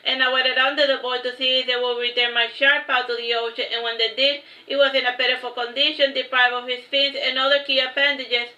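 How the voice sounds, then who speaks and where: A woman reading her own story aloud in the first person, slow and measured. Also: sits high, flat delivery, bright, forceful tone. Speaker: author reading her book. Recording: echoey room, slightly dull sound.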